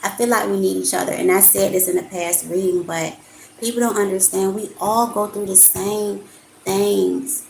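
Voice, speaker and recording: A woman's voice: medium pitch, flat delivery, moderate pace, vocal fry, a little mellow, reverberant, a little hiss or hum, rough recording. A woman giving an earnest spiritual card reading to her viewers, talking straight to them and calling them y'all. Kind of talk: live-stream card reading and talk.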